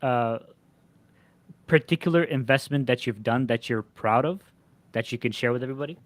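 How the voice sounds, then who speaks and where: A man's voice: mid-range voice, moderate pace, dry recording. A man hosting a casual podcast interview, talking loosely and repeating words as he thinks. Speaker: show host.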